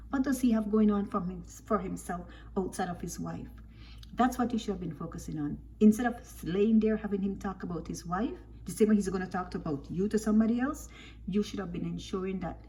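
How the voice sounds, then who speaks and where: A woman commenting on a reality show, scolding and animated, firing off rhetorical questions. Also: lowish voice, a little fast, slight background noise.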